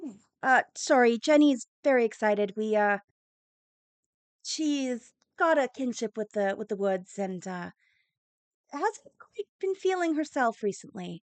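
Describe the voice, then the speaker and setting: A woman voicing a gentle village mother who speaks softly and hesitantly and keeps apologizing. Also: on the high side, animated, unhurried, no echo. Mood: apologetic. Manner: hesitant, soft-spoken, apologetic.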